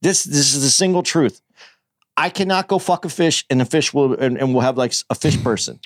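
A man's voice: medium pitch, fairly quick. A man hosting a casual talk show, earnestly explaining his views and often restarting his sentences. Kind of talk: casual chat.

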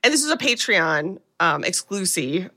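A woman's voice: fairly low pitch, normal speed. A woman co-hosting a podcast, animatedly recapping a horror movie in casual chat, full of "like" fillers. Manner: animated storyteller, lots of "like" fillers. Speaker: podcast co-host.

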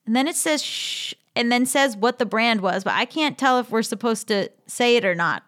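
Chatty high-voiced woman podcast host. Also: lively intonation, fairly quick, fairly bright tone. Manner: chatty and amused, laughs often while reading. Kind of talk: casual chat, reading listener emails aloud.

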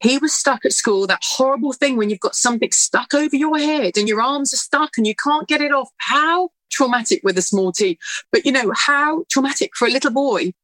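A middle-aged woman, a presenter and author, telling a lively story about her son and giving calm parenting advice. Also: high voice, brisk, no echo, low-quality recording. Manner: lively anecdotal, acting out her own inner voice.

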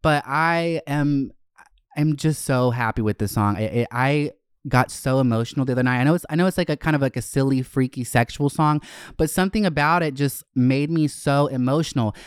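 A man hosting his own podcast in a camp, chatty solo talk, gushing about himself with sudden swoops up in pitch. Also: brisk, clean tone, no echo, studio quality. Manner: gushing and self-hyping. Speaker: podcast host. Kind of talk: casual solo podcast chat.

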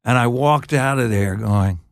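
An older man, a songwriter guest on an interview show, telling stories in a halting, laughing way. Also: medium pitch, no echo, studio quality. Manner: halting, restarts phrases, laughs while telling. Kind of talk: casual storytelling interview.

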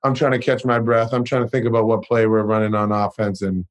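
A man's voice: lowish voice, flat delivery, quick pace. A young man guesting on a podcast, chatting loosely and profanely, with plenty of "you know" and "like". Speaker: guest, pro basketball player. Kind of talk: casual interview chat.

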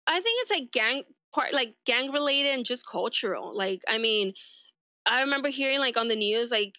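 Young woman, bright voice, dry close sound, casual rambling storytelling. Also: a little high, normal speed, clean tone, no echo. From East Los Angeles. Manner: rambling, heavy use of "like", acts out quoted remarks. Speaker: sheriff's deputy, interview guest.

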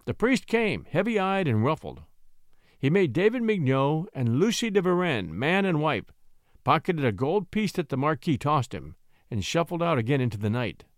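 A man narrating a classic short story as an audiobook, telling it in a dramatic, expressive way. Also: on the high side, normal speed, no echo, clean studio sound.

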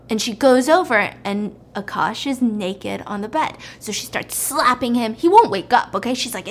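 A woman chattily retelling a film plot to a friend, animated and checking in with her listener. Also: a little high, normal speed, few pauses.

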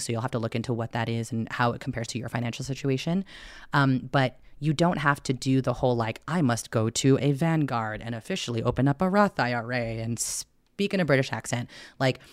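A woman's voice: extremely low pitch, dry recording, clean studio sound. A woman who is a personal finance guest on a casual podcast, talking in a candid, chatty way and swearing now and then.

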